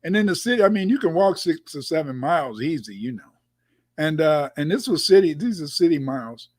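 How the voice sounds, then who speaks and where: A man's voice: fairly high pitch, lively intonation, a little fast, darkish tone, no room sound. A man on a video call, chatting casually and telling stories, often repeating his words as he rambles. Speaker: guest commentator. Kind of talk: casual conversation.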